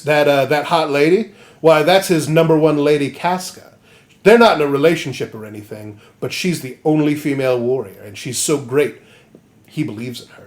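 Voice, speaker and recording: A man co-hosting a comedy podcast, retelling a story with lively jokes and goofy voices. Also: medium pitch. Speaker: podcast co-host. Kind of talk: comedic casual chat.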